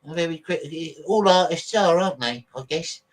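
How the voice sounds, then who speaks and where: A man's voice: fairly high pitch, fairly quick. A man hosting a casual livestream, rambling chattily to his viewers and swearing freely while he sorts out videos on his computer. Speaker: livestream host.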